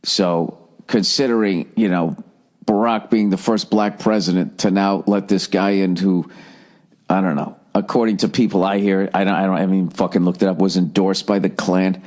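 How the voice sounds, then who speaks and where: A man in his forties with a Boston accent, hosting a solo comedy podcast and ranting in a profane, sardonic, animated way. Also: low-pitched, moderate pace. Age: 40s. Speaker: podcast host.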